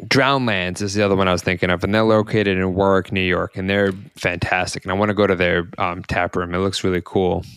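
A man hosting a casual podcast chat, excitable and rambling. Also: low voice, brisk, few pauses, clean tone, no echo. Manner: excitable, rambling, many fillers and restarts. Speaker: podcast host.

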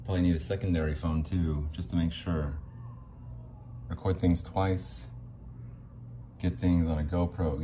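A man's voice: low voice, mellow, a little hiss or hum. A man hosting a solo podcast, talking in a joking, digressive way and acting out little scenes. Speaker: podcast host. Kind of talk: rambling solo monologue.

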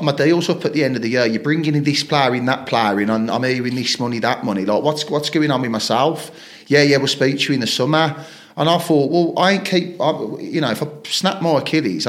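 Man, podcast guest, rambling footballer stories, mid pitch. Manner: rambling anecdotes, frequent swearing, acts out quoted lines. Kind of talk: casual storytelling interview.

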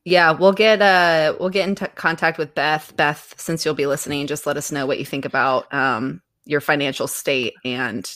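A woman hosting a podcast in casual chat, upbeat and quick to laugh. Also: low voice, fairly even intonation, a bit bright. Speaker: podcast host.

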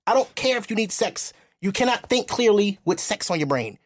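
A young man hosting a podcast, talking bluntly and preaching in a loose, casual way. When he quotes other people, he mimics them in high, mocking voices. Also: very animated, fairly quick, slight background noise. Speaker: podcast host.

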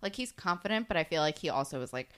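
Animated woman musing casually. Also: low voice, quick pace. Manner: reflective, analyses the characters. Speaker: podcast co-host recapping a TV episode. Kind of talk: casual chat.

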